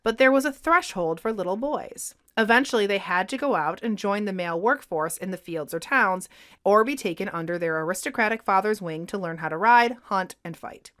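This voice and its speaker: Woman podcast co-host, lively scripted history narration. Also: medium pitch, brisk.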